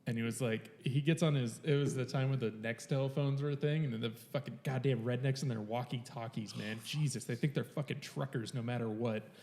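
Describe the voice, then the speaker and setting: A man's voice: mid-range voice, steady tone, brisk, hardly any pauses, darkish tone, in a large hall. A man co-hosting a podcast, telling a work story casually, blunt and full of swearing. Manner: blunt and profane, swears freely. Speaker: podcast co-host. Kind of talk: casual chat, telling stories.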